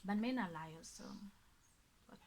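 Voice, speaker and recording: A young woman, telling a dating story in a casual storytime vlog, animated and sometimes dropping to a mutter. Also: mid-range voice, moderate pace, over a noisy crowd. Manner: animated, drops to a mutter when dismissive.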